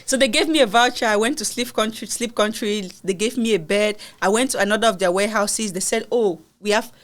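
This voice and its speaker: A woman's voice: medium pitch, a little fast. A woman from Cameroon, a podcast guest, earnestly and expressively recounting personal hardships in conversation.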